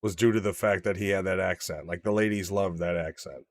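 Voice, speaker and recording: A man co-hosting a casual podcast chat, animated and profane, getting loud for emphasis. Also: sits low, a little fast, no room sound. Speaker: podcast co-host.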